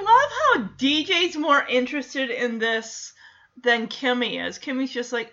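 A woman's voice: sits high, expressive, unhurried, sharp tone, muffled recording. A woman chatting wryly through an episode recap, laughing often and acting out quotes.

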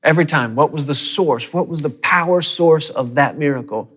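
A man preaching a sermon in a church, lively and dramatic, with fast bursts and sudden hushed drops. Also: medium pitch. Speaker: pastor.

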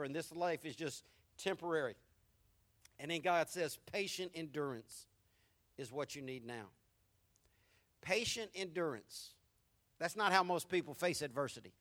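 A middle-aged man preaching a sermon, emphatic and repeating his key phrases, swinging between loud stresses and hushed lines. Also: fairly high pitch. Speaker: pastor.

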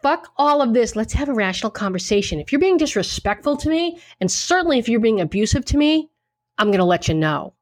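A woman's voice: high-pitched, sing-song, a little fast, darkish tone, dry recording, clean studio sound. A woman co-hosting a casual talk show, blunt and emphatic, swearing freely as she gives her opinions. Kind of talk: casual chat.

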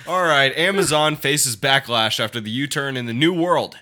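Laughing bright-voiced young man. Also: mid-range voice, moderate pace. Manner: joking, laughs often, slips into silly voices. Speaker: podcast co-host. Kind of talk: casual gaming podcast chat.

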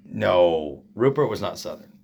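A man's voice: sits low, lively intonation, a little slow, creaky, darkish tone, breathy edge. A man from Oregon co-hosting a podcast in casual chat, rambling and joking, often trailing off mid-sentence. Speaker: podcast co-host.

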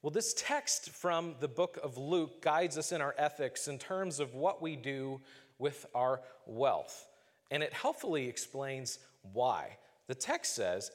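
A man preaching a sermon as pastor, earnest and measured, slowing down to stress key phrases. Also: medium pitch, very animated, big-room sound.

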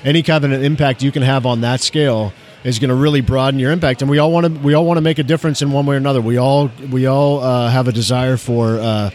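A man talking casually as a guest at an even, middle pitch. He often stumbles and repeats himself and fills gaps with long uhs. He shares sincere thoughts in a loose, conversational way. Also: quick pace, few pauses, faint music behind. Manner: stammering, repeats words, many fillers. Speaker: emergency physician and guest. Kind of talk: casual interview chat.

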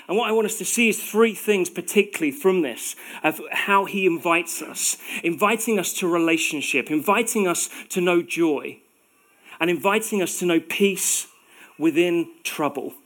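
A man's voice: on the high side, fairly bright tone. A man in his forties preaching a sermon in a conversational way, with self-deprecating humor.

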